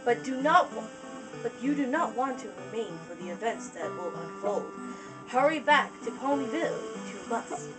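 A woman voicing a mysterious female zebra who speaks in slow, solemn rhymes. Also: on the high side, lively intonation, recorded from a distance, over music, lightly acted, low-quality recording. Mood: ominous.

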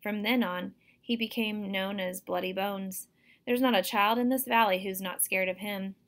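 A woman's voice: mid-range voice, steady tone, normal speed, a bit bright, close to an everyday voice. A woman voicing a folksy old country man. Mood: ominous.

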